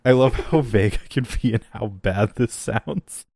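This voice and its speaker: A man co-hosting a casual podcast recap, deadpan with crude jokes. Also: on the low side, moderate pace, vocal fry, dry recording, clean studio sound. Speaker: podcast co-host.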